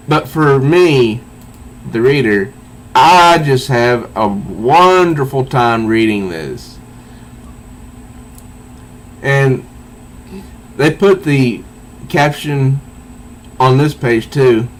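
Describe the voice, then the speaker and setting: A man's voice: medium pitch, slight background noise, rough recording. A man casually reviewing a comic book, reading panel dialogue aloud with frequent restarts and little chuckles. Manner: halting, restarts, reads dialogue in a flat voice, chuckles at jokes.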